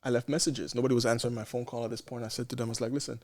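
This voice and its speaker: A man's voice: mid-range voice, little pitch movement, racing, a little mellow. A man from Canada, a nurse and podcast guest, telling a story in casual chat and acting out quoted exchanges with frequent restarts.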